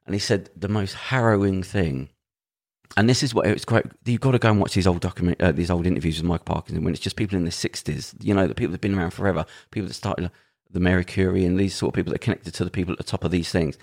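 A man's voice: low-pitched, rapid-fire, creaky, a little mellow. A man co-hosting a podcast, telling a story in a rambling, earnest way with frequent restarts. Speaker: podcast co-host. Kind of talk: casual podcast chat.

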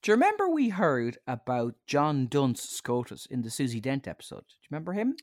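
A man's voice: mid-range voice, wildly swooping pitch, fairly quick, no room sound, studio quality. A man co-hosting a podcast, telling anecdotes in a jokey, casual way and laughing at his own jokes. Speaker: podcast co-host. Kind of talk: casual chat.

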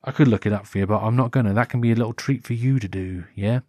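A man's voice: on the low side, fast talker, dry recording, studio quality. A British man talking alone on his podcast in a loose, rambling way, often correcting himself and livening up when he acts things out. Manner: rambling, self-correcting, breaks into animated put-on voices. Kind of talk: unscripted solo monologue. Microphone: headphones with a wired mic.

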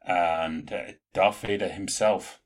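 A man co-hosting a podcast, chatting casually in an animated, rambling way with plenty of fillers. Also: low voice, takes it slowly. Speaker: podcast co-host. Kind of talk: casual chat.

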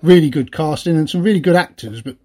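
A man's voice: a little high, fast talker, dark tone. A man co-hosting a podcast, talking in a chatty, rambling way and laughing often. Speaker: podcast co-host. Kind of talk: casual chat.

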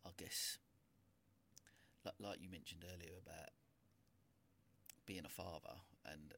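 A podcast host with a very deep, gravelly voice leads the interview. He thinks out loud through long, winding questions. Faint noise sits behind him. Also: fairly even intonation, measured pace. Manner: reflective, rambling questions.

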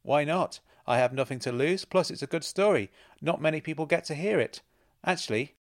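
A man's voice: on the high side, animated, fairly quick, voice pushed up. A man doing a teasing, knowing woman. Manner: teasing, knowing, laughs at others. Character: playful, self-assured, mocking woman.

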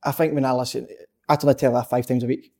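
A man's voice: mid-range voice, little pitch movement, very fast, darkish tone. A man with a Scottish accent in casual football chat, blunt and opinionated, swearing freely.

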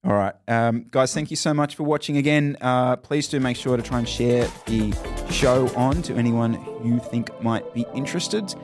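Man, mid-pitched voice, rambling, thinking aloud, podcast host. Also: normal speed, over music. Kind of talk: casual chat.

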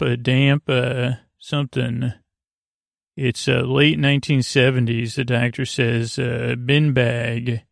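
Flat, gravelly man rambling a recap. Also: mid-range voice, no room sound, studio quality. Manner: rambling, halting, full of fillers and restarts. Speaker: podcast host. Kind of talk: drowsy episode recap for sleep.

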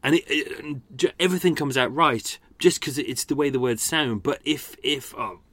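A male podcast host talking casually about his own work, rambling and poking fun at himself with plenty of chuckles. His voice sits in a middle pitch and the recording is dry and close. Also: normal speed, a bit bright, dry recording. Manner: rambling, self-deprecating, laughing often. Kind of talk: casual commentary. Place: home by a canal.

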